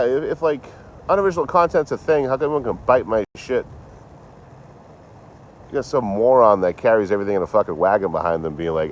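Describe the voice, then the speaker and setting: Slightly tipsy, a man chats casually on a phone livestream, swearing a lot and trading sarcastic jokes with viewers as he rambles. His lowish voice is animated and fast, with slight background noise.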